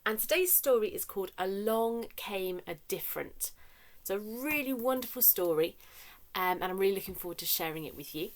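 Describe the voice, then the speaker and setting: A young woman runs a children's story time with warm-up games, her mid-range voice expressive and a little fast. She speaks in a sing-song manner that swings between whispers and shouts.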